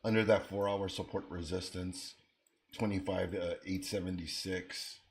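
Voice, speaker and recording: A man with a deep, low voice hosts a live trading stream. He talks in an easygoing way, thinking out loud about his positions and answering people in the chat as they come in. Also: flat delivery, normal speed, a little hiss or hum. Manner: casual, thinks aloud while reading chat. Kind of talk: live-stream market commentary.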